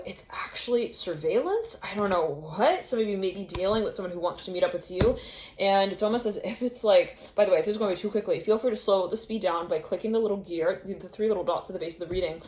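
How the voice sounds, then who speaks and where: Woman tarot reader, chatty and meandering, mid-pitched voice, echoey room with faint hiss. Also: a little mellow. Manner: rambling, intuitive, with frequent laughs and restarts. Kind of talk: casual tarot reading to camera.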